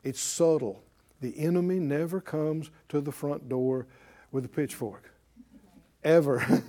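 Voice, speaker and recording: A man's voice: on the high side, dark tone. A man teaching a Bible class in sermon style, preaching emphatically and asking the class questions.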